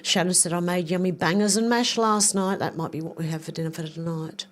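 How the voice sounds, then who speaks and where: A woman's voice: lowish voice, steady tone, fairly quick. An older woman hosting a casual livestream, reading viewer comments aloud and rambling as she clicks around. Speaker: livestream host.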